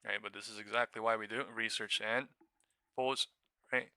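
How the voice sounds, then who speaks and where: A young man running a live trading stream with a bright, ringing, very forceful voice. He talks in crisp, clean tones, swears freely, and jumps between excited outbursts and quick market calls. The sound is dry and close, with no room around it. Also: fairly low pitch, no echo. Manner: swears a lot, bursts into shouting and laughter. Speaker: day-trading livestream host. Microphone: new studio mic.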